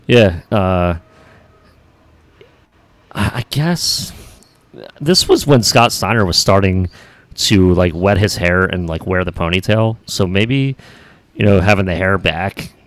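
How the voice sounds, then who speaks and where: A man's voice: low-pitched, slow pace, long pauses, dry recording. A man co-hosting a podcast in laid-back, rambling casual chat, full of fillers. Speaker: podcast co-host.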